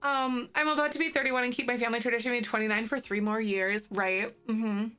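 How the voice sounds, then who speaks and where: Bubbly, slightly hoarse woman streamer. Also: a little high, fairly even intonation, a little fast, pushed and bright. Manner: bubbly, chatty, giggly, rambling. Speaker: livestreamer. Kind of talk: casual chat with live viewers.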